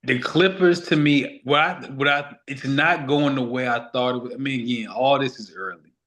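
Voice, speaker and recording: A man's voice: medium pitch, normal speed, a bit bright. A man co-hosting a casual basketball talk show, loose and conversational, repeating his points for emphasis. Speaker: podcast co-host.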